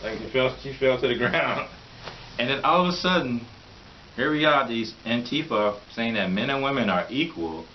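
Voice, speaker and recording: A man rambles through an opinionated monologue in a mid-pitched voice, breaking into mocking laughs. The recording is dull and lo-fi, with a faint hiss underneath. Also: expressive, moderate pace. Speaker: vlogger.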